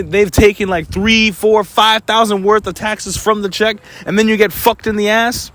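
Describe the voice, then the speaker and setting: A man's voice: high voice, no echo. A young man ranting in an angry, profane monologue for his vlog, sometimes mocking others in put-on voices. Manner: angry, profane, rapid-fire complaining. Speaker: vlogger.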